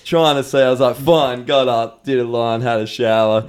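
A man chats loosely on a podcast as a band guest, his voice smooth and resonant at a middling pitch. He tells the story in fast, profane bursts and acts out the other people's lines. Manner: animated, profane storytelling with acted-out quotes. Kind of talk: casual beer podcast chat.

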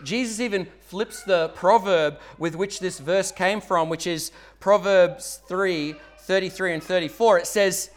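An Australian male pastor preaches in a church, his voice high for a man and a little slow with few pauses. He's earnest and conversational, pushing hard on key points before easing back.

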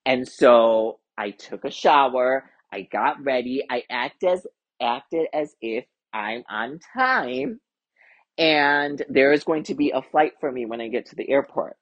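Husky-voiced American woman telling a story. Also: very deep voice, unhurried, lo-fi sound. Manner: chatty, many "like" fillers, animated retelling. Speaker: podcast host and intuitive card reader. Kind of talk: casual storytelling monologue.

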